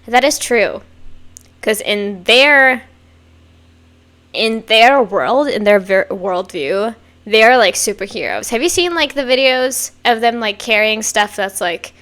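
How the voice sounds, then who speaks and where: A woman hosting a casual music reaction video, excitable and gushing, with frequent breathy exclamations. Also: fairly high pitch, unhurried. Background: faint music playing.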